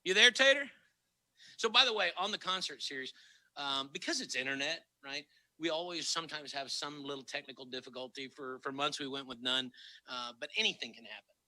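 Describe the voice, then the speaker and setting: A middle-aged male comedian co-hosting an online show, telling stories in casual chat, animated and swearing freely. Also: medium pitch, a little fast, no room sound, rough recording. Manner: animated, swears freely, bursts into loud laughter. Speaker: comedian and co-host of an online concert series.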